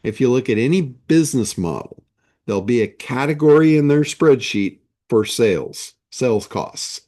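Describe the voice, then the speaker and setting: Speaking as a business coach in a motivational monologue, this man has a mid-range, dark-toned voice full of animation. His delivery is slow and emphatic, and he leans on rhetorical questions to stress each point.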